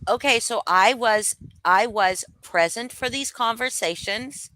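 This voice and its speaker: A young woman co-hosts a loose gossip livestream, talking bluntly and swearing as she goes. Her voice is bright and forceful, and she often stops and restarts her sentences. The sound is dry and close to the mic. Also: fairly high pitch, a little slow, no echo. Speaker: livestream co-host. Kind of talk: casual gossip commentary chat.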